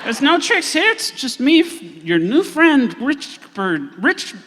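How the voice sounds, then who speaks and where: A man playing a slug-controlled human man who speaks in a halting, blank, oddly cheerful way, live on a theater stage. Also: very high voice, sing-song, long reverb tail, background noise, voice pushed up, full character voice. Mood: falsely friendly.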